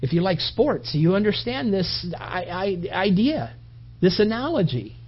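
A pastor preaches a sermon in a medium-pitched, slightly slow voice with a breathy edge. He tells stories animatedly, acting out quoted voices, stumbling, restarting, and repeating words as he builds his points. The recording is dull and lo-fi.

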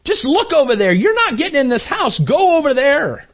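A man's voice: high-pitched, big pitch swings, normal speed. A preacher voicing an exasperated father who scolds and pleads at a bird in a raised voice. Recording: dull lo-fi recording.

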